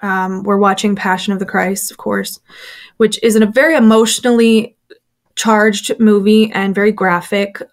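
A woman's voice: mid-range voice, moderate pace. Candid woman telling her story. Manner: candid and animated, many fillers, acts out quoted voices. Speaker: interview guest, former church member. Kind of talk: personal story in a conversational interview.

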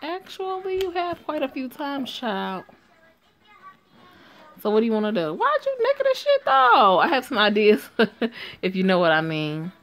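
A woman reading a story game aloud and reacting to it in a sassy, profane way that is quick to laugh. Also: mid-range voice, lively intonation.

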